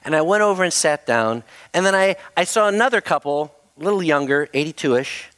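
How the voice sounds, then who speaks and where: A man's voice: a little high, a little fast, clear, resonant tone, no room sound. Storytelling pastor, a man, dry sound. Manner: animated, self-mocking anecdote with laughs. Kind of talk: storytelling sermon.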